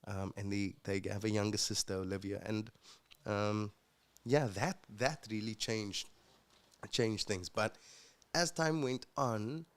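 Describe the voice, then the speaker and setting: A man from Africa, a podcast guest telling his story in a casual, reflective way, pausing with fillers and restarts. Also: on the low side, clear, resonant tone. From South Africa.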